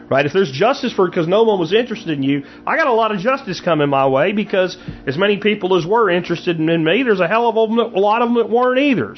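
A man's voice: a little high, highs cut off. A man hosting his own show, giving a blunt, emphatic commentary monologue straight to his listeners. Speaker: show host.

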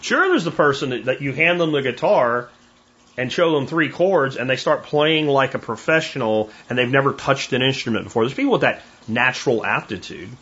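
A man's voice: medium pitch, brisk, slightly rough. A middle-aged man hosting a podcast, telling stories casually and acting out the voices of people he quotes. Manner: animated storyteller, acts out quoted voices. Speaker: podcast host. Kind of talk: casual monologue. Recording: dull lo-fi recording.

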